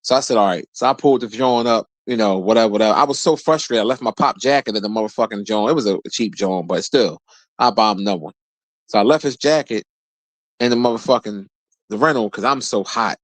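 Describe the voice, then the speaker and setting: A man in his forties telling a rambling, profane story in a casual rant, his voice jumping high whenever he quotes someone. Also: fast, dry recording. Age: 40s. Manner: profane, animated, jumps high when quoting people. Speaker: streamer host.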